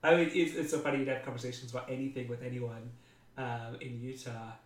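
A man's voice: mid-range voice, steady tone, quick pace. A man chats casually, teasing his friend and prompting stories with questions. His voice sits in the middle range. The room is echoey. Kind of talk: casual chat. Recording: roomy echo.

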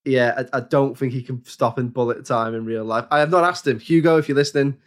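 A man's voice: medium pitch, steady tone, quick pace. A man co-hosting a casual film podcast, wry and rambling, who swears casually. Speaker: podcast co-host.

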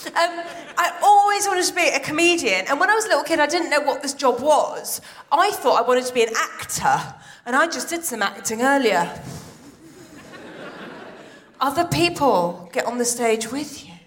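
A woman, doing a live stand-up set on a theatre stage, excitable and full of quick asides. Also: high-pitched, a little hiss or hum. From Iran. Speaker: stand-up comedian.

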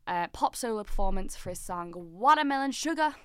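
A woman's voice: mid-range voice, animated, fairly quick, fairly bright tone, smooth, no echo. A woman co-hosting a podcast, chatting in a bubbly, giggly way. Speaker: podcast co-host. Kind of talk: casual chat.

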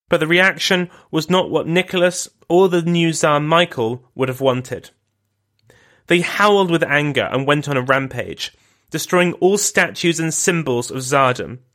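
A man hosting a podcast, giving scripted historical narration in a measured, grave way. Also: on the high side, a bit bright. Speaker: podcast host.

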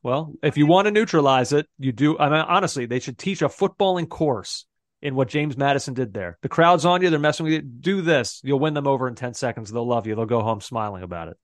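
A man's voice: mid-range voice, expressive, fairly quick, no echo. A man co-hosting a football podcast, talking in an enthusiastic, casual way and laughing often. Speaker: podcast co-host.

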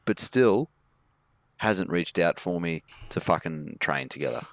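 A man's voice: low voice, measured pace, no room sound. A man co-hosting a casual podcast, reading out tweets and swearing freely. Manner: swearing, joking, playful put-on accents. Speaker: podcast co-host.

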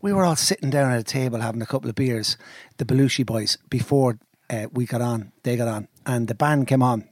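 An Irish man telling a lively story in casual chat, mimicking sounds and accents as he goes. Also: mid-range voice, brisk, dry recording, clean studio sound.

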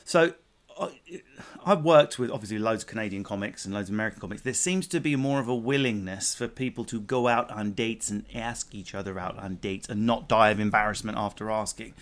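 A man with an English accent hosting a comedic podcast chat, rambling and self-mocking with quick asides. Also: fairly low pitch. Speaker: podcast host.

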